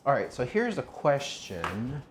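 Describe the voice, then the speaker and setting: A man's voice: medium pitch, huge pitch swings, a little slow, a little hiss or hum. A man streaming live from his kitchen, chatting with viewers and rambling as he cooks. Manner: chatty, asks viewers questions, rambles while working. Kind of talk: casual live-stream chat.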